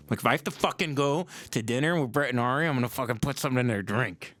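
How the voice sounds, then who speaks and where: A man's voice: mid-range voice, fairly bright tone. A man hosting a livestream, riffing crudely in a rambling comedic rant on a sensitive mic. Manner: crude, rambling, quick improvised bits. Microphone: sensitive mic without windscreen.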